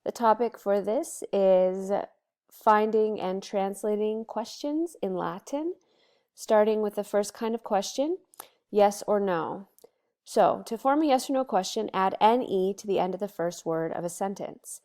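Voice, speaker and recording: A Latin teacher, a woman, giving a recorded study lesson and explaining grammar step by step, slowing down and stressing each example word. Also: mid-range voice, mellow. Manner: slow, deliberate explaining with stressed example words.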